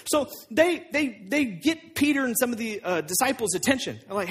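A man preaching a sermon as pastor, telling the story with lively acted-out voices. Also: extremely high pitch, fairly quick, few pauses, husky. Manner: animated storytelling, acting out voices of people in the story.

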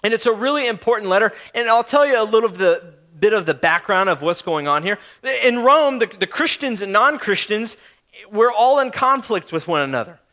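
A man's voice: high voice, lively intonation, fairly quick, pushed and bright. A young man preaching a sermon in an earnest, conversational way, often restarting his sentences. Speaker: pastor.

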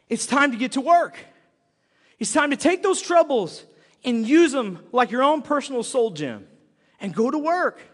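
A man's voice: extremely high pitch, sing-song, normal speed. A man preaching a sermon with lots of energy, acting out little voices and laughing often. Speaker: pastor. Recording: long hall reverb.

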